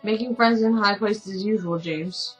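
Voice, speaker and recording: Woman voices a composed manservant, smooth and controlled, mid-pitched, game dialogue. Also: soft background music, lightly acted, low-quality recording. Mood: cool. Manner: smooth, measured, polite. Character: cool composed male valet, controlled.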